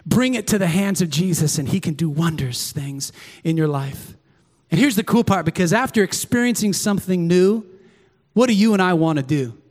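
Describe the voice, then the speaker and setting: A middle-aged man preaching a sermon as pastor in a church, swinging from excited shouts to hushed, intimate prayer. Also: high voice, moderate pace, big-room sound. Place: church sanctuary.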